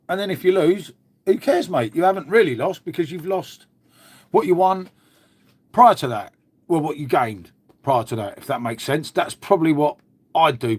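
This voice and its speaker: Bloke live streaming, slightly high voice, chatty, swears a bit, talks to chat. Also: male voice. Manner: chatty and matey, swears, answers viewers' comments. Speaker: beer channel host.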